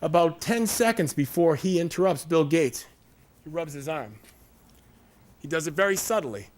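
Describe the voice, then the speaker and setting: A man's voice: fairly high pitch, lively intonation, moderate pace. A man giving a conversational workshop presentation, acting out little scenes with quoted voices as he explains. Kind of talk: live workshop talk.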